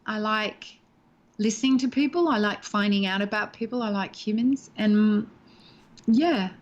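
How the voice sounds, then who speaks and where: A middle-aged woman, a guest actress, telling stories in a chatty, animated way in a casual interview from home. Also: medium pitch, unhurried. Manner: chatty, animated storyteller, laughs easily. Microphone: home video call. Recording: dull lo-fi call audio.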